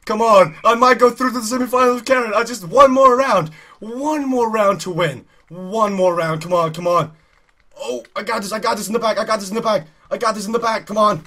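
A man giving excited live commentary while playing a cycling race game, urging himself on, repeating phrases and shouting. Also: sits high, brisk. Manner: urgent, repetitive, shouting in excitement. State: out of breath. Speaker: gaming YouTuber.

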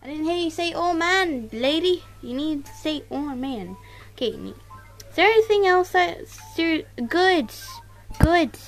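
A woman doing casual let's-play commentary to her viewers, excitable, exclaiming and mildly swearing, recorded on a tablet. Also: extremely high pitch, a little slow, soft background music. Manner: talks straight to viewers. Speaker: gaming YouTuber.

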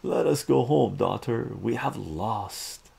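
A man's voice: medium pitch, lively intonation, slow pace, creaky, dark tone, husky, exaggerated voice. A man doing a stern alien father. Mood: solemn.

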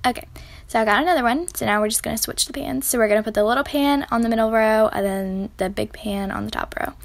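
A woman's voice: fairly high pitch, fast, gravelly, dry recording. A woman, chatting and giggling as she bakes in her home kitchen for a casual vlog tutorial. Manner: chatty and giggly, talking while she works. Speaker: baking vlogger.

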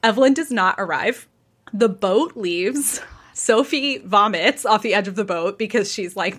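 A podcast host with a medium-pitched, slightly rough voice tells a gossip story casually at a measured pace. She's an animated storyteller who acts out the people involved and laughs often.

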